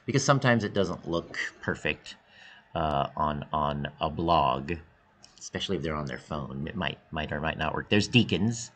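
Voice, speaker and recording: Deep-voiced guy teacher, upbeat and encouraging, voice jumps way up when excited. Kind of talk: online class video address.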